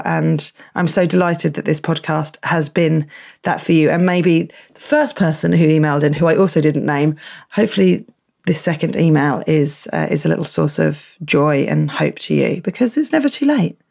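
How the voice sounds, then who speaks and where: A woman hosting a chat podcast, her voice croaky, reading listener emails and chatting with her guest. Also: sits low, normal speed. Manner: warm enthusiastic interviewer, gasps and laughs. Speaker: podcast host.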